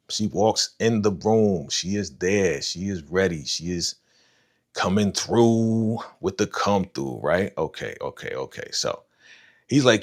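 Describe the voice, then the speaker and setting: A man hosting a live stream, giving casual, animated reaction commentary full of slang and talking to chat viewers by name. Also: on the low side. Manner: animated, slangy, retells scenes with voiced quotes. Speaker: livestream host reacting to a TV episode.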